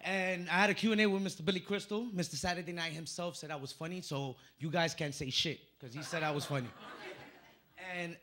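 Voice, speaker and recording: A man from the Dominican Republic doing a stand-up comedy set on a club stage into a handheld mic, telling stories with punchy, animated delivery. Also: on the high side, fairly quick. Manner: punchy, animated storytelling with acted-out voices.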